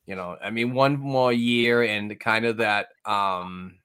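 A man talking casually in an interview, halting and hesitant, with many fillers and restarts. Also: on the low side, a bit bright, clean tone.

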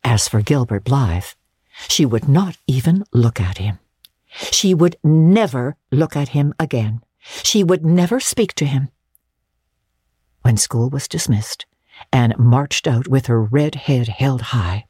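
Expressive, husky woman narrator. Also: a bass voice, slow pace, no echo, studio quality. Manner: expressive, storytelling delivery. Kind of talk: dramatic reading of a classic novel.

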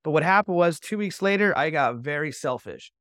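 A man as a podcast guest, telling his personal recovery story with animated storytelling and acting out his own quoted speech. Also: on the high side, brisk, no room sound, studio quality.

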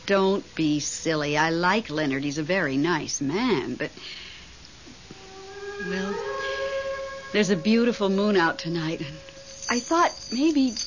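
An actress playing a nervous widow who clings to her memories, in 1970s radio drama acting. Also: medium pitch. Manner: fluttery, easily startled. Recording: dull vintage radio broadcast with faint hiss.

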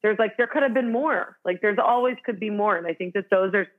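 A woman's voice: medium pitch, brisk. A woman with a Boston accent speaks as an interview guest. She chats loosely, stacking fillers and restarting her sentences. Her voice comes through a narrow, tinny call line. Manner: chatty, with many restarts and "like" fillers. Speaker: guest, actor and writer. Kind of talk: casual interview talk.

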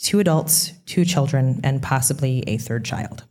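A woman's voice: rumbling low, normal speed, a little mellow. A woman co-hosting a true crime podcast, talking casually with rambling restarts and sarcastic asides. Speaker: podcast co-host.

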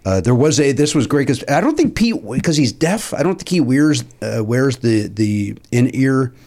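Animated man telling a story. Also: moderate pace. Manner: animated, acts out quotes with big pitch jumps and laughs. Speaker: podcast host. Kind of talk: casual chat, storytelling.

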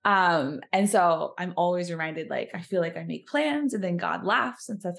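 Chatty woman, slightly low. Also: lively intonation, moderate pace, vocal fry, hardly any pauses, a bit bright. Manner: chatty, many fillers like "like". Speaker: guest. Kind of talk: casual chat.

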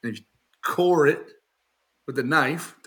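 A man's voice: fairly high pitch, a little slow, sharp tone. A man talking casually on a podcast as a knifemaker guest, telling joking stories and often laughing, and putting on raised voices when he quotes people.

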